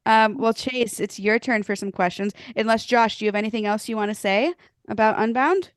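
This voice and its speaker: A woman's voice: on the high side, brisk, no echo. A woman hosting an interview, asking upbeat and encouraging questions. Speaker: host. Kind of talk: interview, casual chat.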